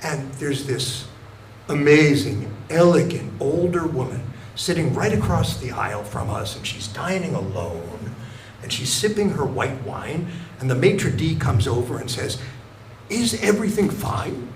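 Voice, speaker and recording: Older man, stand-up comic, deadpan, mock-innocent, high voice, echoey club, audible crowd noise. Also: unhurried. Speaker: stand-up comedian. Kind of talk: stand-up comedy. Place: comedy club stage.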